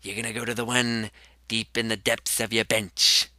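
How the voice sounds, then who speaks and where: A man voicing a sly male ghost who gives teasing advice in a hushed, half-whispered voice. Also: fairly low pitch, level tone, moderate pace, no echo.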